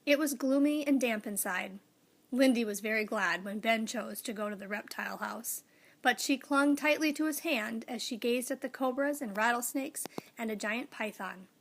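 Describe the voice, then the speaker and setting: A woman narrating a children's story aloud in a measured, gently expressive way. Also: a little high.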